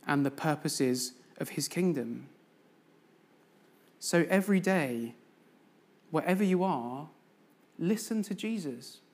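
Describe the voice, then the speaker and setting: A man's voice: on the high side, a little mellow. A man giving a sermon as a guest preacher in a church, telling a story and putting questions to the congregation.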